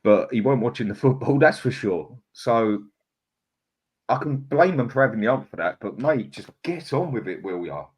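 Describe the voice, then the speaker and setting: A man's voice: medium pitch, expressive, normal speed, a little mellow. A man, a panelist on a fan podcast, talking bluntly and laughing often. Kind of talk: casual chat.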